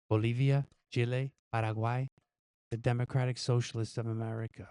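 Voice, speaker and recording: Male live-stream host, dark mellow tone, dry close sound, playful quiz reader. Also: medium pitch, level tone, moderate pace, clean tone, no echo. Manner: jokey, reads quiz questions aloud and guesses the answers himself; chuckles at his own gag answers. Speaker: news show host.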